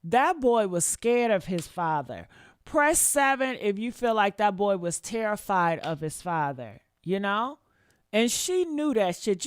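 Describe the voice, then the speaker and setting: A woman's voice: mid-range voice, smooth, no echo, clean studio sound. A woman doing reaction commentary on a livestream, blunt and profane, repeating her points and talking straight to her viewers. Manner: talks straight to her chat, asks for likes.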